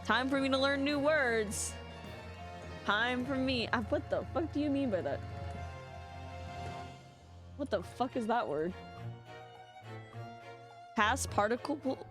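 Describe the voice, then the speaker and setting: A woman's voice: sits high, expressive, slow, long pauses. A woman streaming a video game, chatting casually and rambling with lots of giggles. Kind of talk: casual chat while playing a video game. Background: game music.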